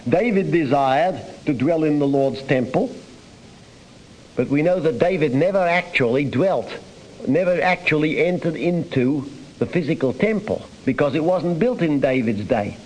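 Guy preaching on a psalm, earnest, kinda high voice, radio broadcast sound. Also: animated, measured pace, darkish tone, low-quality recording. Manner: earnest, rising and falling emphasis, reads scripture aloud. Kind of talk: sermon on a psalm.

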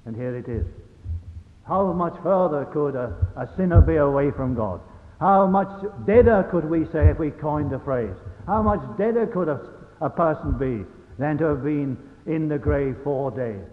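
A man's voice: fairly high pitch, normal speed. A man preaching a gospel sermon, earnest and fervent, putting rhetorical questions to his hearers. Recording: echoey hall on a lo-fi phone-like recording with faint hiss.

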